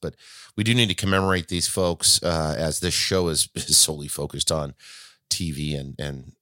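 Low-voiced rambling male podcast host. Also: fairly bright tone, no echo, clean studio sound. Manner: rambling, self-correcting, chatty. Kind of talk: casual solo podcast talk.

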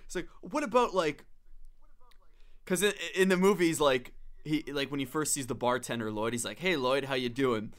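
A young man co-hosting a comedy chat, joking loosely and slipping into loud impressions. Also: fairly high pitch, normal speed. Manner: animated, jumps into shouted impressions, laughs a lot. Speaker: podcast co-host.

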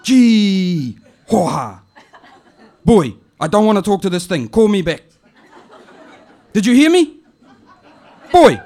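Man doing a shrill hollering old auntie. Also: sing-song, takes it slowly, pauses often, heavily acted. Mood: fed up. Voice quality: shrill and loud, calling out. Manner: scolding, hollering, laughing at herself. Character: loud teasing elderly Māori auntie, bossy and affectionate. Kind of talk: comic poetry performance.

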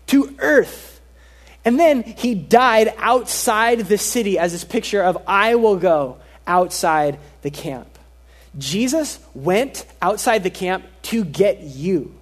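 A man preaching a sermon as pastor, earnest and emphatic, repeating key phrases and dropping his voice soft for stress. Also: high voice.

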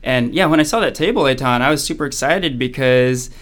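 A man's voice: medium pitch, a little fast, fairly bright tone. A man and father co-hosting a casual podcast, adding upbeat interjections and asking follow-up questions. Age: adult, father. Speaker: podcast co-host.

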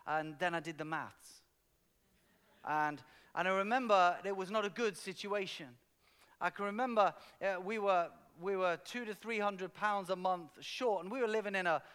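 High, resonant pastor in a reverberant hall. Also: male voice, smooth. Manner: personal storytelling, building to loud passionate emphasis. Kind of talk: sermon.

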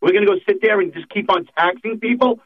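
A man's voice: sits high, fast. A middle-aged man, a political guest on a talk show, speaking in a fired-up, emphatic, repetitive way. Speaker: state senator guest. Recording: tinny phone line.

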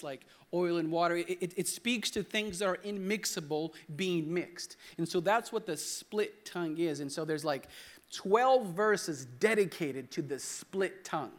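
A young man preaching a sermon in church, loose and joking, with restarts, calling on the congregation to repeat words. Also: sits high. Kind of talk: sermon with congregation call-and-response. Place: church hall.

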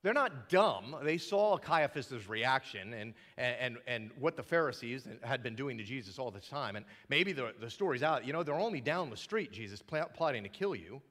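A man's voice: medium pitch, sing-song, moderate pace, few pauses, a bit bright. A male pastor preaching a sermon with a dramatic delivery, acting out the voices in the scripture he quotes. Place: church sanctuary. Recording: long reverb of a large hall.

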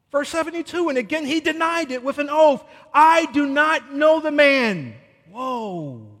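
High-voiced dramatic preacher in a reverberant hall. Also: male voice. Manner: dramatic, swings from loud declarations to hushed asides. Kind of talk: expository sermon on scripture.

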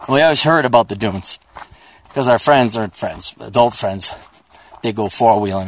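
A man with a voice on the low side, speaking at a normal speed, hosts a podcast from a hiking trail using his phone. His casual monologue rambles along, profane, sarcastic, and full of jokes.

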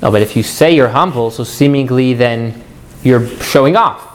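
Animated man teaching a class. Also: mid-range voice, moderate pace, slight background noise. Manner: animated, questioning the class, jokey asides. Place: room with a live class.

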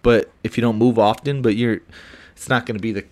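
A young man chatting casually on a podcast, relaxed and full of fillers like "like" and "dude". His voice has a plain, middle pitch. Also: fairly quick. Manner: laid-back, filler-heavy, calls people dude and bubba. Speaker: podcast co-host. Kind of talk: casual chat.

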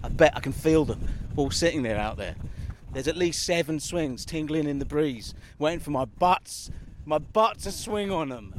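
Man, London accent, rambling silly banter, higher voice, faint road noise. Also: lively intonation, moderate pace. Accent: London English. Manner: rambling, playful, silly wordplay. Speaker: podcast co-host. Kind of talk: casual banter on a walk. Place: outdoors on a common by roads.

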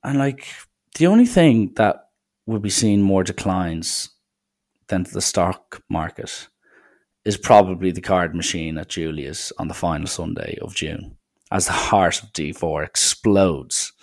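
This solo podcast host is a young man from Ireland whose voice sits low and moves a little slowly. He drifts from point to point with dry sarcasm and a mock-serious air, keeping things casual.

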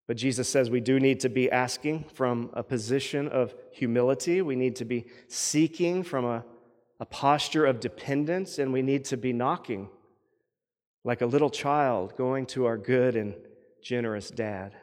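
A man's voice: medium pitch, normal speed, darkish tone, long reverb tail. A man preaching a sermon as pastor, earnest and often repeating words as he builds each point.

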